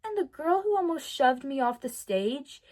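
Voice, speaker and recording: A teenage girl telling a diary-style vlog story, animated and dramatic, often correcting herself mid-sentence. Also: high voice, moderate pace. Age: teens. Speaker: vlogger.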